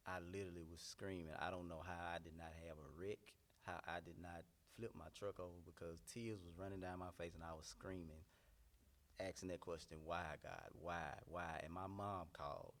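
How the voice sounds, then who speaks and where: Man, pastor and singer, very deep voice, heartfelt testimony, repeats himself for emphasis. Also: steady tone, moderate pace. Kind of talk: candid, emotional personal testimony.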